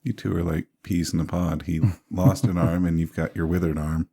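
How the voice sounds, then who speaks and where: A man playing a tabletop horror game, measured and asking careful questions, over an online call. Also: low-pitched, flat delivery, gravelly, dark tone, husky. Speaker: player.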